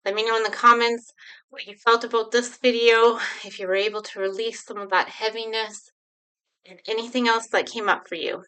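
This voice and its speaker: A woman leading a slow, soothing guided healing exercise, speaking directly to viewers from home. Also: on the high side, fairly even intonation, pushed and bright, smooth, low-quality recording. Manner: slow, soothing, repetitive guidance. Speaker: healing coach.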